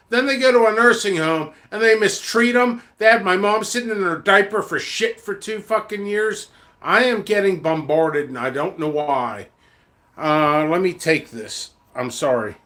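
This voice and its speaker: A middle-aged man rants angrily to the camera in his vlog. His voice sits high and sounds bright and sharp. He swears constantly, talks bluntly and rambles through restarts. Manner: angry, profane ranting. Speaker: seed vendor.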